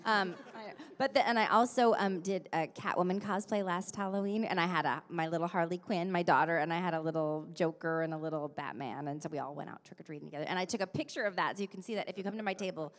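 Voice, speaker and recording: A woman's voice: fairly low pitch, fast talker, few pauses. A bubbly woman voice actor answering fan questions on a convention panel, hopping between asides.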